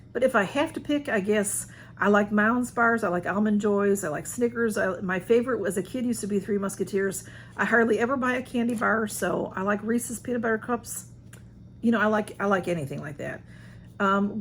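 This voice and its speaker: A woman's voice: mid-range voice, a little hiss or hum. A woman chatting casually at home, answering a list of personal questions in a rambling, self-deprecating way. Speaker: vlogger.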